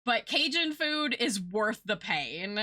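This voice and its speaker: Young woman, streamer, rambling casual chat, fairly high voice, very bright tone. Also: sing-song, slow. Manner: rambling, chatty, swears casually.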